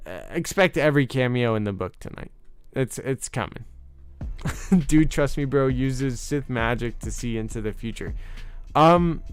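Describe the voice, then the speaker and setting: A man hosts a casual fan livestream, reacting to viewer comments in an excitable, chatty way and teasing them often. His voice is smooth and resonant, with faint music playing underneath. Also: mid-range voice. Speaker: host of a fan channel livestream.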